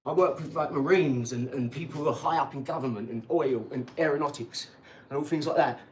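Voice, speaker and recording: A middle-aged man chatting casually on his livestream, rambling from point to point and bragging with excitable energy. He sits at a middle pitch, and a faint hiss of noise runs underneath. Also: brisk. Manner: rambling, boastful and excitable, with frequent tag questions. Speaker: channel host reading viewer comments.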